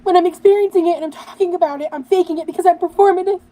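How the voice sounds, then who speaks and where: A woman speaks on a livestream in a tired, aggrieved, defensive tone. Her voice is high for a woman. There is a faint layer of noise under the recording. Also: steady tone, racing, dark tone. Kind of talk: livestream monologue.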